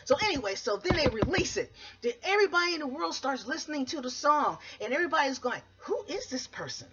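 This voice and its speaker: A woman hosting a podcast, telling a comic story in a rambling way, looping back with "so anyway" and jumping into quick voiced quotes. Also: sits high, lively intonation, pushed and bright. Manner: rambling, keeps restarting with "so anyway". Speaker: podcast host. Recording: dull lo-fi recording.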